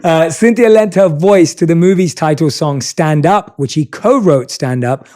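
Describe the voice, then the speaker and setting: A man's voice: fairly high pitch, mellow. A man from North London with a London English accent, hosting an interview with an enthusiastic, chatty manner. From North London, England. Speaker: podcast host. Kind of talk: interview intro and casual chat.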